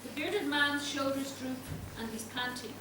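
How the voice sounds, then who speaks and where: A woman's voice: high voice, unhurried. Woman reading stage directions in an echoey hall. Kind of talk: stage directions read aloud. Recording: echoey hall, distant mic, loud noise.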